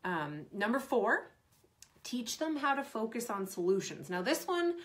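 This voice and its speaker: A woman's voice: a little high, unhurried. A woman performance coach in her thirties giving earnest advice to sports parents, often acting out what a parent might say. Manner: earnest, animated, acts out parent lines. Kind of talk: Q&A advice talk.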